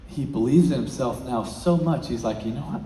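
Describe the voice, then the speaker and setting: A man giving a motivational talk as a featured speaker, telling a story and swinging between hushed and loud, excited passages. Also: mid-range voice, brisk, a little hiss or hum. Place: large event hall. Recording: echoey hall.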